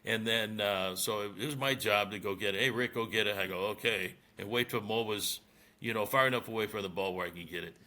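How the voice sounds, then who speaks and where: A man's voice: fairly low pitch, fairly quick, pushed and bright. An older man, a veteran radio broadcaster, telling stories in a casual interview and laughing at his own tales.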